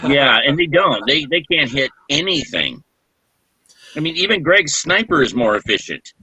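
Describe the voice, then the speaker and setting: A man's voice: on the high side, sing-song, moderate pace, lo-fi sound, a crowd in the background. A man hosting a casual gamer chat, telling stories in a rambling way and laughing often.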